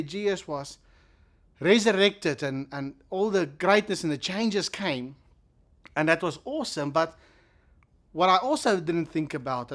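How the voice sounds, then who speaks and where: A middle-aged man giving a reflective devotional sermon as a pastor, earnest, sometimes dropping to a soft whisper. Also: sits high. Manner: reflective, earnest, acts out quoted questions with soft drops to a whisper.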